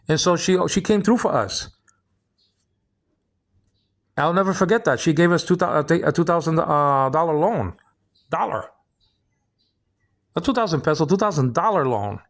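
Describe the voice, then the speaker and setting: Older man, rambling monologue, stammering restarts, heated, slightly high voice. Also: expressive, normal speed, pauses often. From Philippines. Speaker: vlog host.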